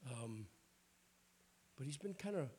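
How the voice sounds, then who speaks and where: A man's voice: medium pitch, lively intonation, takes it slowly, warm tone, husky. An older man with a Southern accent preaching a sermon in a folksy, joking way. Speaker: bishop preaching.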